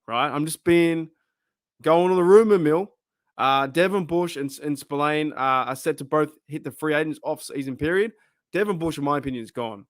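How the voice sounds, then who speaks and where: Hosting his fan channel, a man with an Australian accent and a fairly high pitch chats casually to camera, wandering off topic as he poses questions to viewers. There's no echo, and the audio is studio quality.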